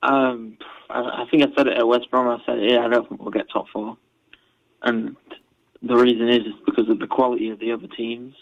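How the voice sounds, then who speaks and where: A man calling in to a football phone-in, hesitant and measured with many fillers, heard over a phone line. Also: medium pitch, flat delivery, gravelly, dry recording. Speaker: caller, football fan. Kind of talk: phone-in call.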